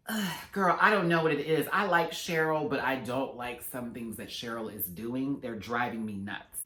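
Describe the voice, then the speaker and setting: A man giving a casual, sassy episode recap and review with animated, slangy asides. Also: mid-range voice. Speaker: reality TV reviewer. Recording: roomy echo.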